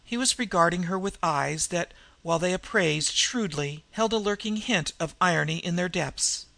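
A man narrates a novel at a measured pace, his voice bright and fairly high for a man. A gravelly fry runs through it. The sound is dry and close. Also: no room sound. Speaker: audiobook narrator. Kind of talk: scripted narration.

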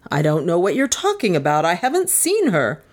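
A woman's voice: a bass voice, big pitch swings, slow pace, darkish tone, husky, voice pushed down, full character voice. A woman doing a scheming indignant doctor. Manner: indignant, firm denials.

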